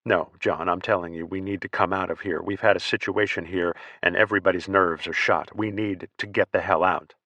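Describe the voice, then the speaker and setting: A man voicing a gruff Marine officer in charge, clipped and commanding. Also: sits low, fairly even intonation, a little fast, few pauses, sharp tone, dry recording, lo-fi sound, heavily acted. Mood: insistent.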